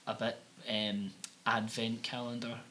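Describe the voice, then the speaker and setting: A man's voice: mid-range voice, flat delivery, unhurried, sharp tone, slight background noise. A young adult man with a Scottish accent, rambling through crude, sweary anecdotes as a podcast co-host. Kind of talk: casual comedic chat.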